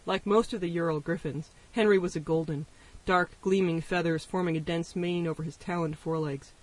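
A man narrates an audiobook with wry first-person storytelling. His voice sits high for a man, and he sounds distant from the microphone. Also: fairly even intonation, a little fast. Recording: voice distant from the mic.

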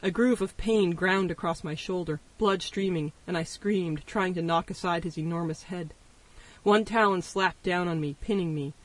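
A man narrates an audiobook with wry first-person storytelling. His voice sits high for a man, and he sounds distant from the microphone. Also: normal speed, a bit bright. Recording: voice distant from the mic.

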